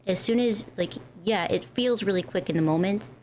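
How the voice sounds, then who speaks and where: A woman's voice: medium pitch, normal speed, darkish tone, slight background noise. A young woman from the northern United States, chatting casually with her stream viewers in a rambling, giggly way. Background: faint music.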